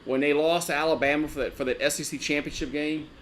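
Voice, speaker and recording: A man's voice: on the high side, fairly even intonation, fast, a bit bright, a little hiss or hum. A man hosting a live sports fan stream, talking in a loose, rambling way with lots of restarts and frequent swearing.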